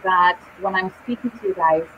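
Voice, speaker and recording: A woman teaching English in a live online session, speaking slowly and deliberately with clear pauses between words. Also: on the low side, a little hiss or hum. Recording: dull lo-fi live stream audio.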